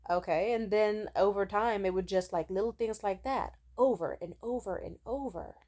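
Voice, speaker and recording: A woman's voice: mid-range voice, moderate pace, a little mellow. A young woman vlogger telling stories to camera in a chatty, casual way, swearing freely and filling her talk with "like". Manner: chatty, swears freely, mimics people in quotes; many filler "like"s and restarts.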